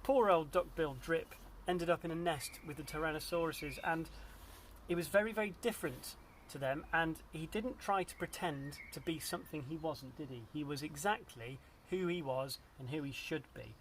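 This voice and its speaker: A man, a primary school teacher, reading a picture book aloud to a child in a gentle, expressive way and asking the child questions as he goes. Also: on the high side, normal speed, a little hiss or hum.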